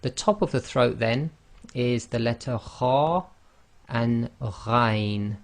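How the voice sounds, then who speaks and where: A male teacher walks learners through Arabic letter sounds, modelling each one twice. He talks slowly and patiently. His voice has a gravelly, creaky edge at a middle pitch. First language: not Arabic. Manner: slow, patient, demonstrates sounds by repeating them. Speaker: online Quran teacher. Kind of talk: pronunciation lesson.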